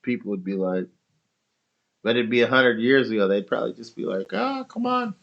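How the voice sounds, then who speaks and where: A man's voice: fairly low pitch, fairly quick, a bit bright, lo-fi sound. A man talking casually on a stream, rambling and swearing as he tells an argumentative story.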